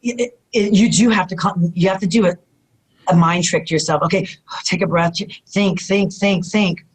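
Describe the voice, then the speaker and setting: A woman guest in an interview, telling stories in a casual, animated way, often acting out quotes and saying "you know what I mean". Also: lowish voice, moderate pace, husky, poor audio. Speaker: retired pro wrestler guest.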